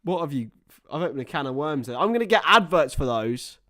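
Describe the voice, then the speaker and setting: A man's voice: fairly high pitch, very animated, brisk, fairly bright tone. A man giving casual, chatty live commentary on a football match while talking to his viewers. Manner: chatty, reacts to viewer chat between play-by-play.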